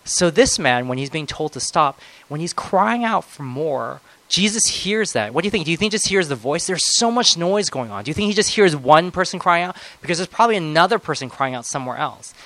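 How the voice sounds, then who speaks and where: A man preaching a conversational sermon, swinging between loud, emphatic moments and soft, reflective ones. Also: fairly high pitch, animated, fairly quick, few pauses, no room sound, low-quality recording.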